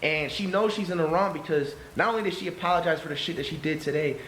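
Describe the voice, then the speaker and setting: A man's voice: on the high side, fast talker, a bit bright, echoey room, a little hiss or hum, low-quality recording. A man ranting to his viewers in an aggrieved tone, repeating "you know what I'm saying".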